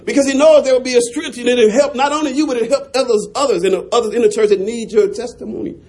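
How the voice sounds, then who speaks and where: A man preaching a sermon as a pastor, shouting in rising runs and chuckling between lines. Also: very high voice, steady tone, quick pace.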